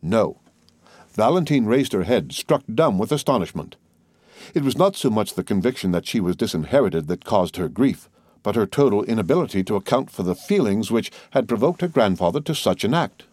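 A man reading a classic novel aloud as an audiobook narrator, in a steady, even manner. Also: fairly low pitch, fairly quick, no echo. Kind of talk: scripted narration.

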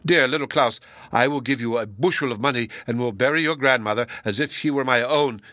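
A man voicing a rich, hot-tempered innkeeper who shouts and flusters. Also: medium pitch, fairly quick, no room sound, close to an everyday voice. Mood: flustered.

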